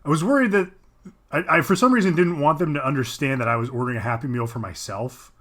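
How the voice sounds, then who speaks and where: A man's voice: a little high, quick pace, fairly bright tone. A man in his thirties co-hosting a podcast, telling wry, self-deprecating anecdotes in casual chat. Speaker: podcast co-host.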